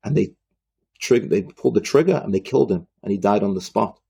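A man retelling a religious story in a halting way, often repeating himself. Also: lowish voice, lively intonation, vocal fry, warm tone, husky.

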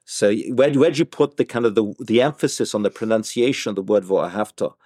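A man teaching an informal Torah class, explaining slowly with frequent restarts and repeated words. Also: mid-range voice, darkish tone, dry recording, clean studio sound. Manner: hesitant, many restarts, explanatory.

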